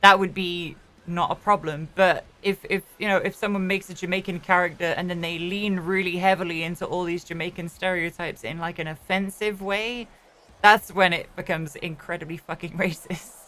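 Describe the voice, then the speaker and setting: Chatty woman with a bright voice. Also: lowish voice, fairly even intonation, normal speed. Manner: rambling, frequent restarts and self-corrections, swears casually. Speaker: streamer and roleplayer. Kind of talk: casual chat.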